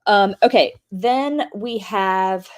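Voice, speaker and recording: A woman's voice: mid-range voice, takes it slowly, clean tone. A woman host giving casual, conversational commentary on a live stream, full of fillers and restarts.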